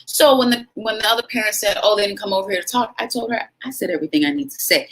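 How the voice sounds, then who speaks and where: A woman's voice: medium pitch, fast, a bit bright, poor audio. A woman hosting her own vlog, telling a story in an emphatic, dramatic way and acting out what people said. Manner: dramatic, emphatic, acts out quotes. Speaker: vlog host.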